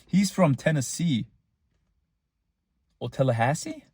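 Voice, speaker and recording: A man's voice: on the high side, expressive, slow pace, a little mellow, husky, dry recording. A young man, rambling casually in a boastful, tongue-in-cheek monologue. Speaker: vlogger.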